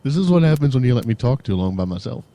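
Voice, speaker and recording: A man's voice: mid-range voice, very animated, fast, mellow, no room sound. A tired man co-hosting a casual podcast, goofy and swearing freely, slipping into mock DJ voices. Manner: goofy, jumps into mock radio-DJ and metalhead voices; swears freely, laughs a lot. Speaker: podcast co-host. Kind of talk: casual banter.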